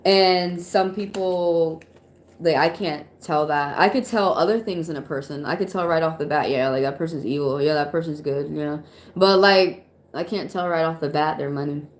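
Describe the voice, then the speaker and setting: A tarot reader from Atlanta, USA, does casual readings on a live stream, chatting and rambling with many fillers and frequent laughs. She has a low voice at a normal speed, in an echoey room.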